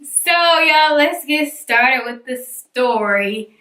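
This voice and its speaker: A young woman, telling a personal story on her vlog in an animated, dramatic way, acting out the people in it. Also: sits high, slow pace. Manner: animated, dramatic retelling with acted-out voices. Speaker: vlogger. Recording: echoey room.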